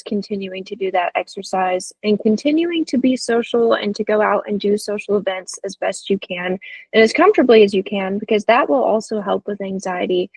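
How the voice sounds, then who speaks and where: A woman co-hosting a health podcast speaks in an encouraging, conversational way. Her voice is gravelly and a little husky. The sound is dry and close to the mic. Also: medium pitch, darkish tone, dry recording, rough recording. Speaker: podcast co-host. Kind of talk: casual health podcast chat.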